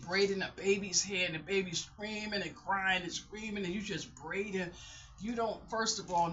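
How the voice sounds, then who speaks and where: A woman's voice: on the low side, sharp tone. A middle-aged woman talking in a casual vlog, candid and rambling, often restarting her sentences. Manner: candid, rambling, self-interrupting. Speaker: vlogger. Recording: dull lo-fi sound.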